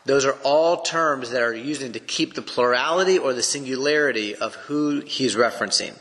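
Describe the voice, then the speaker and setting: A man's voice: mid-range voice, expressive, a little fast, few pauses, fairly bright tone. A man with an East Texas accent giving an earnest, emphatic Bible teaching that explains things step by step. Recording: long echoing reverb.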